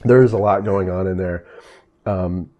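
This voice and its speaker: Relaxed low-voiced man chatting about films. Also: unhurried, dull audio. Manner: easygoing, laughs often, trails off into restarts. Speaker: podcast host. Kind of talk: casual film-music review chat.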